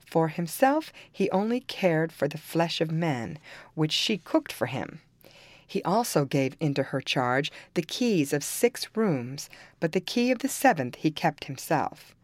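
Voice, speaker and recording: A woman reading a fairy tale aloud in calm, even-paced storybook narration. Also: low-pitched, a little slow, dry recording.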